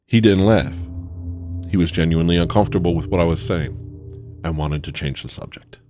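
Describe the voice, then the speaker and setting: A man's voice: deep voice, fairly quick, dark tone, faint music behind. A man hosting a podcast, telling a rambling story with digressions and laughing asides, often checking in with "you know what I mean.". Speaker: podcast host. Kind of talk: casual rambling monologue.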